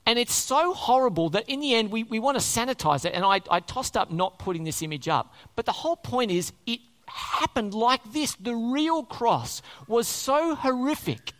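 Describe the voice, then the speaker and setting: Emphatic preacher with a lively, swinging voice. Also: medium pitch, moderate pace, hardly any pauses. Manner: emphatic, repeats key words and asks rhetorical questions. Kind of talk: sermon.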